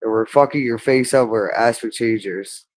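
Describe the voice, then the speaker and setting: A man's voice: fairly low pitch, normal speed. A man delivering a rambling monologue, insistent and repetitive, stretching out words for emphasis.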